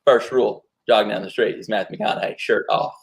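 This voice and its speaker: A man doing an impression of a slow-talking southern movie star, with vocal fry and a drawn-out cool delivery. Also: on the low side, fairly even intonation. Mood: laid-back. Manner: drawn-out, repeats "all right".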